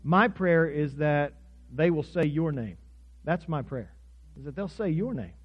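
Pastor guy from oklahoma preaching, fairly high voice, earnest, muffled lo-fi recording. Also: animated, measured pace, slightly rough. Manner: earnest preaching with storytelling and prayer. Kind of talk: sermon. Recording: dull lo-fi recording.

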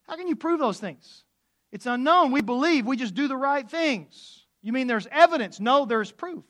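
Male pastor, high voice, dramatic sermon delivery, loud peaks and near-whispers. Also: moderate pace. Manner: animated, swings from loud outbursts to hushed asides.

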